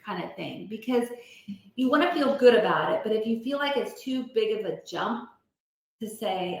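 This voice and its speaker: A woman's voice: medium pitch, animated, unhurried, long pauses. A woman leading an online support group, chatty and encouraging, reading out comments and explaining self-help tools. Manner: chatty, encouraging, many restarts and fillers. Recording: very echoey room.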